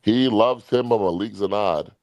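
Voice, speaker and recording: A man hosting a boxing podcast in casual chat, blunt and profane, talking in quick bursts. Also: on the low side, a little mellow, dry recording, highs cut off.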